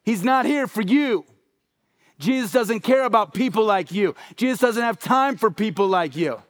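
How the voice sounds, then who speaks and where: A preacher playing a curt man hushing someone. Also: high-pitched, lively intonation, normal speed.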